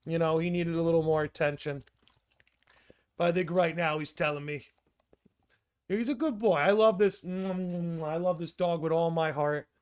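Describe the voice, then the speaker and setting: A young man hosting a livestream, chatting casually and excitably, thinking out loud with quick restarts. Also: fairly high pitch, clean tone. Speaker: podcast and livestream host.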